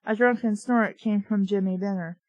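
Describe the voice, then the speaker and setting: A woman's voice: medium pitch, steady tone, moderate pace, a little mellow, no echo, dull audio. A woman reading a novel aloud with dry, sarcastic asides. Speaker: book reviewer reading aloud.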